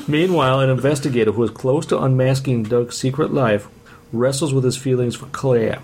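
A man's voice: mid-range voice, moderate pace, darkish tone, breathy edge. A man co-hosting a movie podcast, reading film synopses and commenting with frequent laughs. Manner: laughs often, reads synopses then comments. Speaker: podcast co-host. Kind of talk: casual chat, reading movie blurbs.

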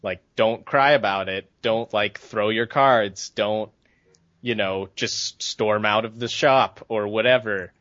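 A man's voice: fairly low pitch, slow pace, fairly bright tone, no echo. A man co-hosting a podcast, ranting in a heated, profane, casual way. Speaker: podcast co-host. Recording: dull, dry lo-fi sound.

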